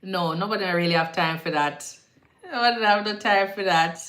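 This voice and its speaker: A woman's voice: medium pitch, moderate pace, a bit bright. Jamaican woman chatting on a live stream. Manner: chatty, mixes Jamaican patois phrasing into casual advice. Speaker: nurse hosting a live Q&A. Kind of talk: casual live-stream chat. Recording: echoey room.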